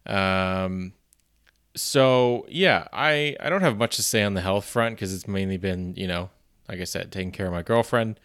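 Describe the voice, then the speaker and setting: Deep-voiced and clean in tone, slightly bright and at normal speed, a man chats alone on his own podcast. He rambles and pokes fun at himself, saying "you know" a lot and swearing now and then.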